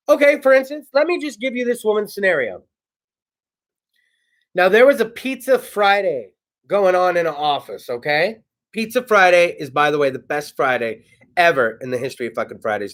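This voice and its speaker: A man hosting a casual comedy talk show, telling stories in a brash, profane, animated way. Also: sits high. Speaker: host.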